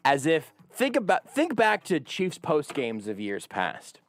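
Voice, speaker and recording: A man's voice: a little high, huge pitch swings, unhurried, no room sound, soft background music. A man hosting a sports radio show, joking in casual banter with mock exasperation. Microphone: studio microphone.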